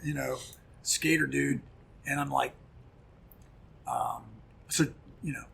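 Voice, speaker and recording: A middle-aged man, a punk musician guest, telling a story in casual chat, animated and profane, acting out quoted dialogue. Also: mid-range voice, slow pace, vocal fry, slight background noise.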